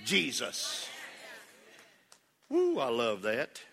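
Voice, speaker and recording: Bright-voiced man preaching in an echoey hall. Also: a little high, normal speed, long pauses. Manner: preaching with rising fervor, calls for congregation responses; folksy humor and storytelling. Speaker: pastor. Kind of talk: sermon. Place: church hall.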